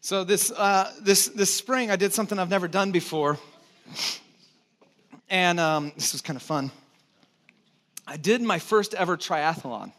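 A middle-aged man preaching a sermon, telling a personal story with lively acted-out exclamations and dropping low for solemn points. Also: measured pace, long pauses. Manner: animated storytelling, acts out his own panic with sudden loud exclamations. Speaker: pastor.

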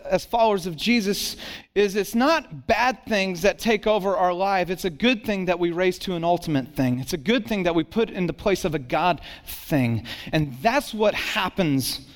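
A middle-aged man preaching a sermon, telling a personal story with animated swings between excitement and hushed intensity. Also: high voice. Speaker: pastor.

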